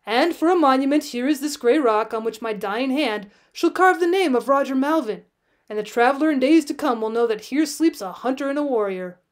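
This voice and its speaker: A woman voicing a dying old male frontier hunter who speaks in a solemn, pleading, old-fashioned way, in a high voice. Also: expressive, fairly quick. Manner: solemn, pleading, archaic speech.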